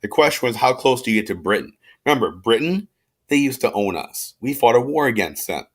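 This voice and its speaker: A man's voice: medium pitch, sing-song, a little fast, slightly rough. A man teaching a history lesson in a casual, chatty, slangy way, with fillers and loose restarts. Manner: chatty and slangy, acts out quotes in everyday speech. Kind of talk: casual recorded class lecture.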